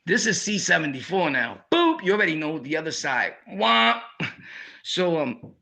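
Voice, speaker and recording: A young man with a New York accent tells stories in a loose, slangy vlog style. His voice sits a bit high and sounds gravelly. It also has a bright edge, and he slips into animated voices as he talks. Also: normal speed. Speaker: YouTube storyteller. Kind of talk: casual storytelling vlog.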